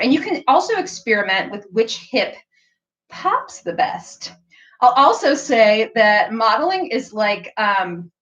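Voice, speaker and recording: A woman's voice: on the high side, fairly bright tone, dull audio. A woman hosting a casual live-stream tutorial, chatty and playful, with lots of "like" and "um". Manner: chatty, frequent "like" and "um", bursts of playful sounds. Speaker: sewing pattern designer hosting a live stream.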